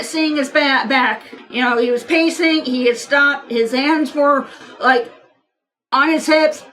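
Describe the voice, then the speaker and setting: A woman's voice: sits high, poor audio. A woman telling a spiritual experience in casual conversation, acting out voices, laughing and stumbling over words. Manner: animated, acts out quoted voices, stammers and laughs. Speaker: podcast guest. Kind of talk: casual storytelling chat.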